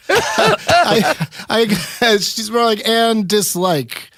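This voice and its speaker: A man with a somewhat high voice tells stories in a wry, joking way, laughing often. He speaks in casual chat. The sound is dry and close, with no room echo. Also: sing-song, very slow, fairly bright tone. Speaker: podcast host.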